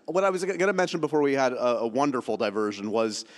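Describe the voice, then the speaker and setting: A man's voice: mid-range voice, expressive, quick pace, big-room sound. Chatty male podcast host. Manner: curious, chatty, uses many fillers. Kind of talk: interview questions.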